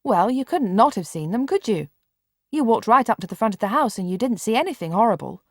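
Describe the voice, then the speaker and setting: A woman reader voicing a bedridden boy who is blunt, brusque and quick to scold. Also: fairly high pitch, expressive, dry recording, clean studio sound, pitched above the performer's own voice. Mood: probing.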